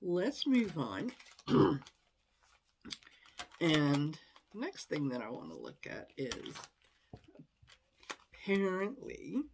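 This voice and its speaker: A woman's voice: low-pitched, huge pitch swings, extremely slow, pauses often, darkish tone, slight background noise. A woman tarot reader giving casual, conversational commentary, with exasperated asides and frequent laughter.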